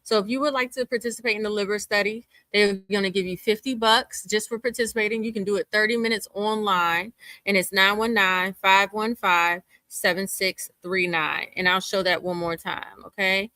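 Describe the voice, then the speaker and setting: A woman's voice: mid-range voice, fairly even intonation, moderate pace, sharp tone, dry recording. A woman hosting a live-stream talk show, upbeat and greeting viewers by name. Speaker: show host.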